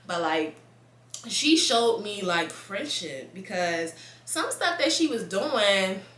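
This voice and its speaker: A young woman, chatting casually to camera in a blunt, profane and animated way, laughing often. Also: mid-range voice, slow pace, echoey room. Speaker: vlogger.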